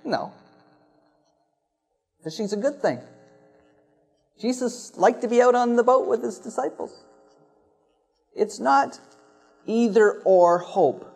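A man's voice: high voice, takes it slowly, gravelly, pauses often, darkish tone, breathy edge. A man delivering a sermon as a pastor, earnest and reflective, leaning on emphatic repetition.

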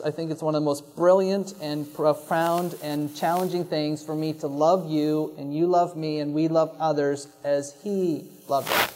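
Pastor, male, fairly high voice; earnest, reflective sermon with emphatic repeats. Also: fairly even intonation, normal speed, darkish tone.

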